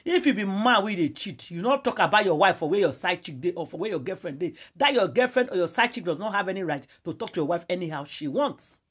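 A woman's voice: on the low side, lively intonation, fast talker, hardly any pauses, breathy edge. A Nigerian woman giving emphatic gossip commentary as a vlogger, lecturing her viewers in a preachy, repetitive way.

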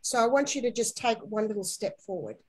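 A woman guiding a spiritual inner-child healing session, talking softly and slowly and coaxing with endearments. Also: fairly high pitch, animated, low-quality recording. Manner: soft, slow, coaxing guidance with gentle endearments.

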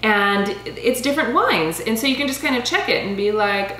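A woman in her thirties talks through a wine tasting in a relaxed, chatty way, laughing often and fumbling over foreign names. Her voice sits at a middle pitch. The room is echoey, with a faint hum underneath. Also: moderate pace, few pauses. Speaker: vlogger reviewing wine. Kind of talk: casual chatty review. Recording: roomy home recording with faint hum.

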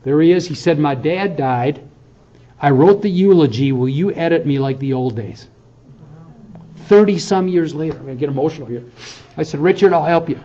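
Casting: professor in his fifties, slightly high voice, earnest lecture-hall talk, muffled lo-fi recording. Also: normal speed, long pauses, mellow. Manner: conversational, earnest, frequent "okay?" check-ins. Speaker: university professor. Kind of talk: farewell lecture to students.

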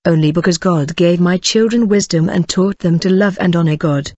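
A woman's voice: fairly low pitch, normal speed, darkish tone, no echo. Woman, earnest religious testimony, talks straight to listeners, dry dull lo-fi sound. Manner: earnest, addresses listeners directly. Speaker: testimony speaker.

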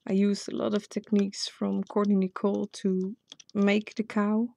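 A woman's voice: medium pitch, monotone, moderate pace, vocal fry, warm tone. A woman with a Dutch accent, a native Dutch speaker, hosting a casual step-by-step craft tutorial and chatting to herself as she works. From Netherlands. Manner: chatty, self-talking while working.

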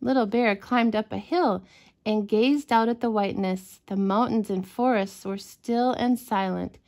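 A woman reading a bedtime story aloud to children, gentle and expressive. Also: mid-range voice, a little slow.

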